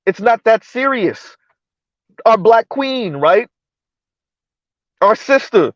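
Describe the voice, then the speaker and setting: A man hosting a live-stream commentary show, talking in an animated, incredulous way, repeating words and restarting sentences. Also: sits high, takes it slowly, no echo, lo-fi sound.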